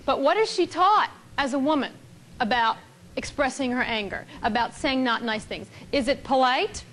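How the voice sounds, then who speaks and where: A woman lecturing a live audience on relationships, her voice pitched high. She is animated and emphatic and repeats key phrases for weight. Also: normal speed. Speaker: relationship speaker. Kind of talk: seminar talk to a live audience.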